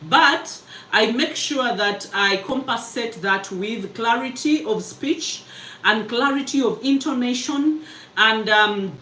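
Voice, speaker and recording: A woman runs a live public speaking mentorship session. She talks quickly and with emphasis, chatty and full of laughter. Her voice sits a little back from the mic in a roomy space with a faint hum of ambience. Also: on the high side, sharp tone, recorded from a distance.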